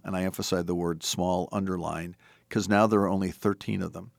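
A man's voice: low-pitched, steady tone, normal speed, vocal fry, no room sound, studio quality. A middle-aged man from Wisconsin, a former politician who now hosts a podcast, talking in an earnest, discursive interview manner and telling anecdotes. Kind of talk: conversational interview.

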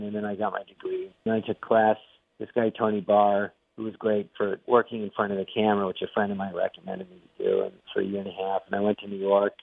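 An older man, a comedian being interviewed, telling stories in an animated way and acting out the voices he quotes. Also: on the low side. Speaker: guest comedian. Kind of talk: interview storytelling. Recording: tinny phone-like line, dry.

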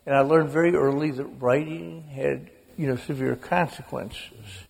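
Gravelly man in a big hall. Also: medium pitch, unhurried, a little mellow. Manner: wry, humorous storyteller. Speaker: author guest. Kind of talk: storytelling on stage. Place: large auditorium with live audience. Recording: long echo of a big auditorium.

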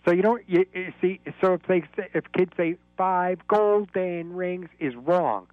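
A man's voice: high voice, normal speed, no echo, phone-quality sound. A man calling in to a radio talk show from Florida, explaining at length in a rambling, lecturing way. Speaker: caller. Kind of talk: call-in radio chat.

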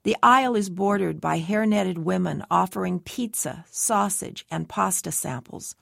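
A woman's voice: on the low side, a little slow, gravelly, fairly bright tone, no room sound, clean studio sound. A woman reading a first-person novel aloud, giving the dialogue light character shading. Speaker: audiobook narrator.

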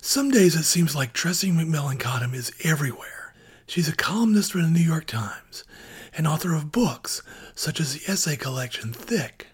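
A radio host with a breathy voice, reading an introduction and asking measured questions. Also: mid-range voice, sing-song. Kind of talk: scripted introduction and interview questions.

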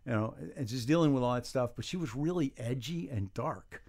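A man's voice: medium pitch, animated, fairly quick, a little mellow. A man in his seventies from New York, a guest in a radio interview, telling stories in a wry, rambling, self-deprecating way. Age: 70s. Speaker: guest, humor writer. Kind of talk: casual interview chat.

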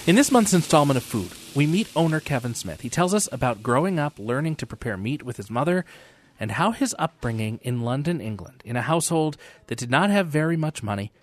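A man reading scripted documentary narration in a clear, measured delivery. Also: medium pitch, expressive.

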